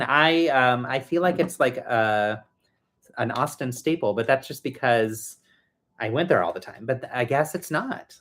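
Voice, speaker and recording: A man hosting a casual livestream from home, chatting and thinking out loud as he builds and answers viewers. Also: mid-range voice, animated, unhurried, a little hiss or hum. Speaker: livestream host building toy sets. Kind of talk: casual live chat while building.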